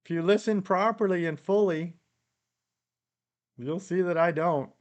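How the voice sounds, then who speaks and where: A man's voice: sits high, unhurried, muffled recording. Canadian man chatting on a live stream. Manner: reads viewer comments aloud and answers them, chuckling often. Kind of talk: casual live-stream chat.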